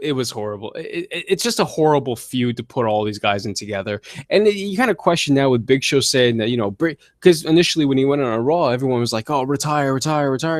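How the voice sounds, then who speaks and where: A man's voice: medium pitch, dry recording, studio quality. A man hosting a solo podcast, ranting with sarcasm and mocking impressions as he talks. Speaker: podcast host. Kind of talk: solo wrestling commentary podcast.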